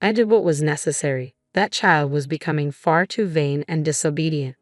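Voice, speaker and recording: A woman's voice: low-pitched, moderate pace, no echo, clean studio sound, natural voice. A woman voicing a scornful, stern older mother-in-law in a storybook reading, speaking in a sneering, condescending way.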